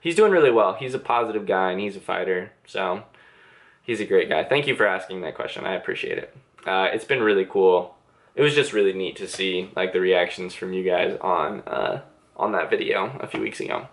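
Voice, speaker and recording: A young man with a slightly low voice chats through viewer questions in a casual vlog from his bedroom. He is self-deprecating and loose, leaning on filler words as he answers. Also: brisk. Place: bedroom with reading chair.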